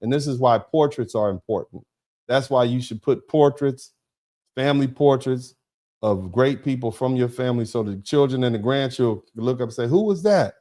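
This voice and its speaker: Male livestream host, middle pitch, folksy and emphatic, rambles and repeats himself while reading out viewer chat. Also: moderate pace, mellow. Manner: folksy, calls listeners baby and bro. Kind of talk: livestream chat, thanking donors.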